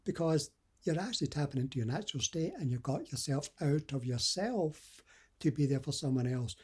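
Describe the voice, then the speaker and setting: A man's voice: fairly high pitch, animated, moderate pace, darkish tone, breathy edge. A middle-aged man from the west coast of Scotland, giving earnest, conversational dating advice as a coach. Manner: earnest, conversational, acts out example dialogue. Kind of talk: motivational advice talk.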